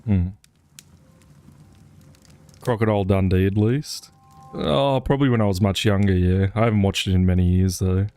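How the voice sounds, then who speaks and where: A man's voice: low-pitched, steady tone, moderate pace, long pauses, dark tone, clear, resonant tone. A man giving casual, rambling commentary while he plays a video game. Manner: rambling, wry, chatty. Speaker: gaming streamer.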